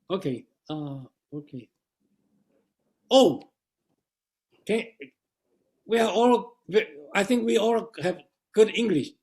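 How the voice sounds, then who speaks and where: A man's voice: high voice, vocal fry. A man lecturing at a seminar in a chatty way, often laughing and stumbling over his words.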